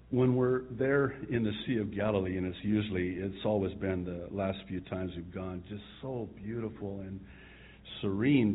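A male pastor preaching a sermon, telling the story with chuckles and soft asides. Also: on the low side, breathy edge. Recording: tinny phone-like sound.

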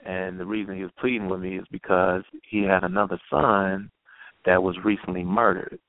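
A man with a gravelly, low voice tells a personal story. He speaks earnestly and haltingly and restarts his sentences often. The sound is dry and tinny, as if heard over a phone line. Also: no echo. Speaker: guest poet.

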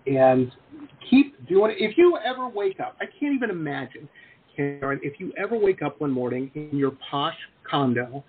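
Talkative us guy hosting an interview, fairly high voice, tinny call audio w/ a bit of hiss. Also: big pitch swings, normal speed. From United States. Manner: chatty, rambling, joking. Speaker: interview host. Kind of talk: casual video interview.

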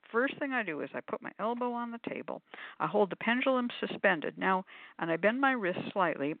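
A woman's voice: animated, fairly quick, dry recording. An older woman talks her listeners through a hands-on demonstration, chatty and full of little ums. She now and then slips into quoted voices. The sound is narrow and phone-like, with a dry, close feel. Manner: chatty, demonstrates while explaining, many ums; acts out quoted voices with sudden pitch jumps. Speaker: host of call-in spiritual show. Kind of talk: casual panel discussion.

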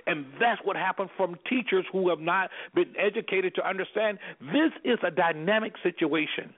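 Guy with a high husky voice, preachy and emphatic, coming through a tinny phone line. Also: normal speed, hardly any pauses. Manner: emphatic, preacher-like, repeats "guess what". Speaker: anger management specialist. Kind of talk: radio talk show guest. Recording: phone-line radio sound.

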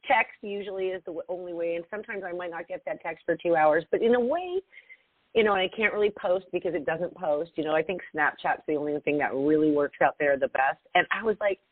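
A woman co-hosting a podcast in casual chat, expressive and laughing often, her voice swinging between loud and soft. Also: lowish voice, fast talker, no echo. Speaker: podcast co-host. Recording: tinny phone-like sound, dry.

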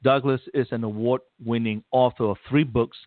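A man's voice: mid-range voice, fairly even intonation, moderate pace, dry recording. Man hosting talk radio over a phone line. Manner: brief affirming backchannels, announcer-style. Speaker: radio host.

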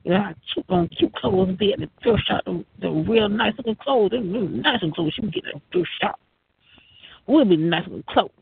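A man with a raspy, gravelly voice, rambling and swearing in a loose monologue. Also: high voice, big pitch swings, brisk. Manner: profane, rambling, laughs often. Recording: tinny phone-like line, dry.

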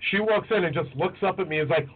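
Male chef co-host, casual chat, higher voice, animated storyteller, tinny phone-like audio. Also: fast. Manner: animated anecdote-teller, acts out voices.

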